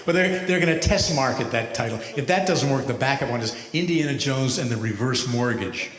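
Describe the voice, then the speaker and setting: A man in his seventies, a rabbi doing stand-up comedy, telling stories with a wry, measured delivery and deadpan punchlines. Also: medium pitch, background noise. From United States. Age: 70s. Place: large hall with a live audience. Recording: echoey hall from far off.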